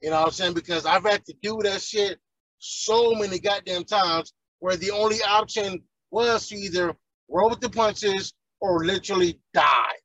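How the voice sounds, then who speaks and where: High-voiced man ranting profanely. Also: normal speed, a bit bright, no room sound, low-quality recording. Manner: heated, profane, preachy.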